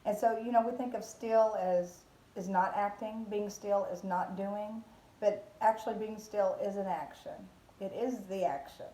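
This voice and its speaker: A Christian vlogger gives a casual devotional talk, rambling with many fillers and restarts. Her medium-pitched voice has a dark tone and a measured pace, recorded with a roomy echo.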